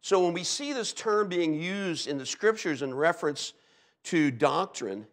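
A man's voice: fairly high pitch, animated, measured pace, fairly bright tone. A middle-aged man from Delaware preaching a sermon as a pastor, telling stories with sound effects and frequent "okay?" asides. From Delaware, USA.

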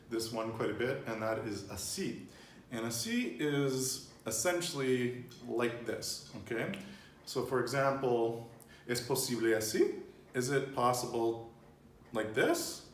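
Man teaching Spanish in a roomy space. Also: medium pitch. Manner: patient, prompting the learner, repeats answers. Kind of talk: casual language lesson. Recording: roomy, distant mic with faint noise.

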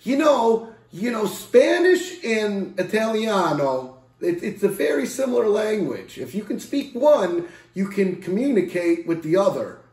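A man's voice: sits high, big pitch swings, measured pace, hardly any pauses, darkish tone, roomy sound. A man casually reviewing a beer on camera, rambling and self-correcting with playful jokes. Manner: playful sound effects and jokes.

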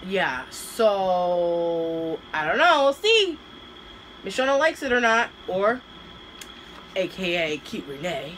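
A woman's voice: fairly low pitch, sing-song, slow, fairly bright tone, slight background noise, low-quality recording. A woman vlogger chatting casually and hesitantly as she unboxes and taste-tests snacks, with many fillers. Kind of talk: casual taste-test vlog.

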